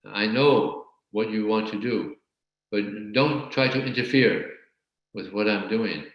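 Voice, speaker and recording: A man's voice: fairly low pitch, slow pace, highs cut off. A man voicing an arrogant male false guru who claims to be God, speaking boastfully and defiantly. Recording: very echoey room.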